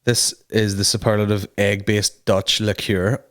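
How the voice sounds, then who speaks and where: A man's voice: on the low side, little pitch movement, measured pace, a bit bright. A man hosting a comedy podcast, rambling through a casual rant and swearing constantly.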